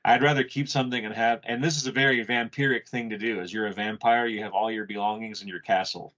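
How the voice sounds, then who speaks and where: A man's voice: lowish voice, fast talker. A man co-hosting a podcast in casual chat, rambling and swearing freely. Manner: profane, rambling, animated. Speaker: podcast co-host. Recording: muffled lo-fi audio.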